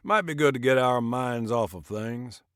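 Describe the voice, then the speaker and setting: A man putting on a slow Texas-drawling neighbor. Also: mid-range voice, fairly bright tone, no echo, clean studio sound, voice pushed up, close to an everyday voice. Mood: earnest. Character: slow-drawling neighborly man who leads Bible study. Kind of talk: audiobook character reading.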